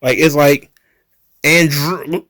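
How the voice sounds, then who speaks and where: High-voiced man ranting sarcastically. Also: steady tone, takes it slowly, fairly bright tone, no echo. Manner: sarcastic, heated, swearing. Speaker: wrestling commentary channel host. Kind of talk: ranting commentary.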